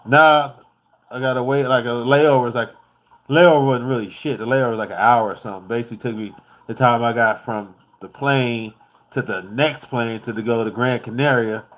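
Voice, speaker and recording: A laid-back man from the United States recounts his trip in a loose, profane, easygoing way. His pitch sits in a middle range, and he chuckles now and then while he talks. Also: steady tone, moderate pace, fairly bright tone. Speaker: vlogger. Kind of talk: casual travel storytelling.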